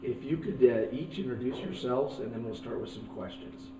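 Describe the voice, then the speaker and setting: A hoarse man with a mellow tone guides a panel conversation. He sounds distant from the microphone, in a roomy hall with faint noise. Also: medium pitch, steady tone, normal speed. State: lost voice, hoarse. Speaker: CEO moderating a panel. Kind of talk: moderating a fireside chat. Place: conference stage. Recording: distant mic in an echoey hall.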